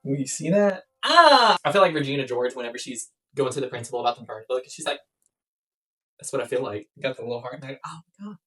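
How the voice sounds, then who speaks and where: A woman's voice: a bass voice, quick pace, breathy edge. A young woman vlogging life tips in a blunt, playful way, swearing often. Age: young adult. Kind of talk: casual chat to camera. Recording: distant mic with background music.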